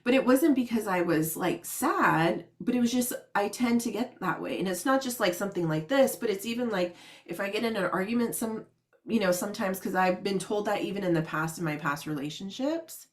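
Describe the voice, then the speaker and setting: A woman's voice: mid-range voice, fairly quick. A woman in easy conversation, spilling a story with plenty of energy. She slips into other people's voices as she goes and laughs often. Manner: animated, acts out quotes, laughs often. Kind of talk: casual storytelling chat.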